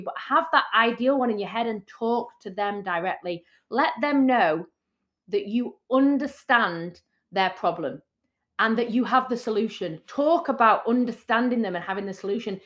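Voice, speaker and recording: Earnest, higher-voiced woman podcast co-host. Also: brisk. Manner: earnest and encouraging, repeats points for emphasis. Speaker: podcast co-host, business coach. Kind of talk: casual podcast chat.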